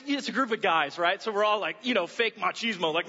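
A man preaching a sermon, telling a personal story with lively, animated delivery and acting out other people's voices. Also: sits high, quick pace. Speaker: pastor. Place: church auditorium. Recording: muffled echoey church hall.

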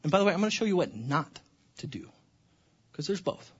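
A man preaching a sermon to his congregation, passionate, dropping to hushed tones and then rising to near-shouts. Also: high-pitched, big pitch swings, a little fast, slightly rough, highs cut off. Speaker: pastor.

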